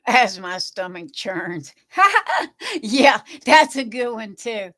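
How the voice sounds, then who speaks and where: A middle-aged woman speaks slowly at a medium pitch, a bit bright, while hosting a livestream. In loose, rambling conversation with live viewers, she reads their comments out loud and keeps saying "you know."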